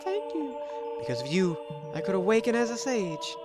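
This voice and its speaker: A man voicing a gentle young forest girl sage from a video game, in a soft, high, girlish put-on voice. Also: very animated, moderate pace, over music. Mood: sweet. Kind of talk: playful voice reading of game text.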